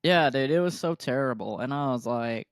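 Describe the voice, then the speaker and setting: A man co-hosting a film podcast, teasing his partner in quick casual banter. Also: mid-range voice, animated, clean tone, no room sound, clean studio sound. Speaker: podcast co-host. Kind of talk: casual chat.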